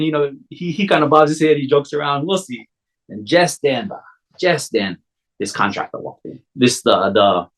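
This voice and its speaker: A man's voice: medium pitch, poor audio. A man in his forties with a Hawaiian accent, telling a personal story in casual, rambling talk full of "you know" fillers.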